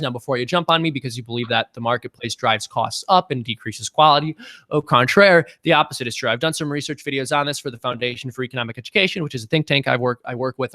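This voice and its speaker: Upbeat young man with a bright voice. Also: mid-range voice, no room sound, clean studio sound. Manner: chatty, joking, breaks into voices. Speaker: channel host answering viewer questions. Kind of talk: casual livestream Q&A.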